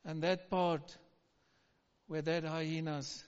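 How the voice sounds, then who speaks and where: A high-pitched middle-aged man preaching slowly and deliberately, pressing the crowd with calls for a response. His sermon rings through a church hall with a long reverb, and the recording sounds muffled and dull. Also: flat delivery, clean tone. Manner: emphatic call-and-response preaching. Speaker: pastor.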